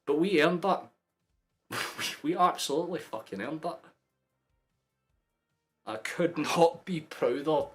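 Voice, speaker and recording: A Scottish man in his twenties giving sweary, excitable live commentary while hosting a football watchalong stream. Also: on the high side, a little slow, long pauses, breathy edge, faint music behind. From Scotland. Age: 20s. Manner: excitable, sweary, shouting at big moments.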